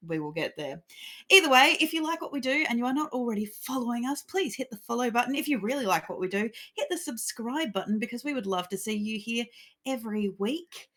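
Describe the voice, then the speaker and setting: A woman's voice: on the high side, lively intonation, a little fast, a bit bright. A woman hosting a live-streamed tabletop game, chatty and recapping events with laughter. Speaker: game master and stream host.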